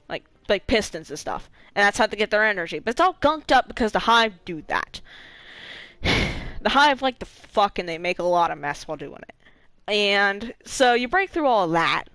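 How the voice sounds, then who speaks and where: A young woman streamer recapping a game story in casual, animated talk, swearing freely and laughing between lines. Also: medium pitch, no room sound. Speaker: gaming streamer.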